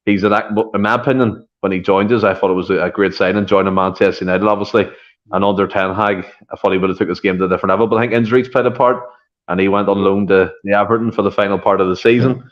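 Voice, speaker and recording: Low-voiced man, lo-fi audio. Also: fairly even intonation, quick pace. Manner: jokey, chatty. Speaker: podcast co-host. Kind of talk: casual football chat. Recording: dull lo-fi audio.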